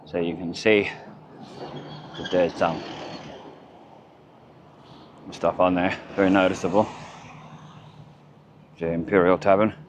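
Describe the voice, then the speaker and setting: Deep-voiced Australian man rambling outdoors. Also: little pitch movement, a little slow, pauses often. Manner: rambling, chatty, muttering asides. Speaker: vlogger. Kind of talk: walking vlog narration. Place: outdoors by a town waterfront. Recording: dull lo-fi camera audio with faint outdoor noise.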